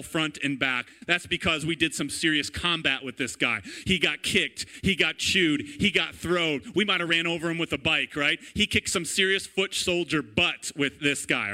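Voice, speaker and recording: A man in his thirties preaching a sermon in a lively, conversational way, often checking in with "right?". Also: on the high side. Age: 30s. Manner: animated, conversational, repeats "right?" and "all right?". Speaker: pastor.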